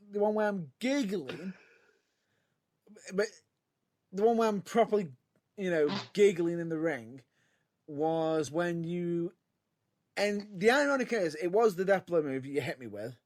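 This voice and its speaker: British male wrestler, slightly raised pitch, giggly and protesting. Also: expressive, measured pace, vocal fry, pauses often. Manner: laughs often, protests with repeated no. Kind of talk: casual chat.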